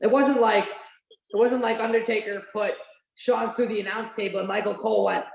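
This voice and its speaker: A woman hosts a podcast watch-along, chatting casually and animatedly with frequent "like" fillers and a stray swear. Her medium-pitched voice is steady, creaky, and a little mellow, moving at normal speed. The room sounds echoey.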